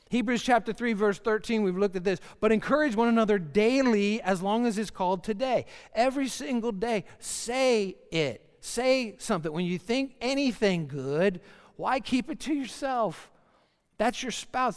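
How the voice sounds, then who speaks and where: A man's voice: sits high, moderate pace, clear, resonant tone. A middle-aged male pastor preaching a sermon in a folksy, joking way, acting out little scenes. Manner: folksy, joking, with acted asides. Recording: reverberant hall.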